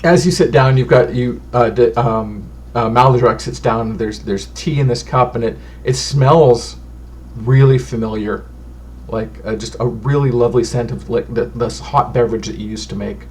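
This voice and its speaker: A man's voice: medium pitch, moderate pace, slight background noise. A man narrating as game master of a tabletop game in a loose, descriptive way, with many fillers.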